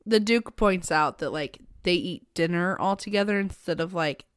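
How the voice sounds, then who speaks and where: A woman's voice: on the low side, moderate pace, smooth, no room sound. Young woman musing, dry close sound. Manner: thoughtful, hedging with many "like"s. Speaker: podcast co-host. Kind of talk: casual chat.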